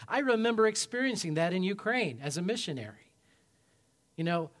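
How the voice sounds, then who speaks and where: A man preaching a sermon as pastor, emphatic, swinging from loud peaks to quiet low passages and calling for amens. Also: sing-song, brisk. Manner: asks the congregation for amens.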